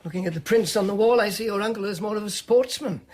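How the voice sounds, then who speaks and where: An actor playing a shrewd, genteel private detective in a radio drama, mild, dry and unhurried. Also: male voice, high voice, a little mellow. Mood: probing.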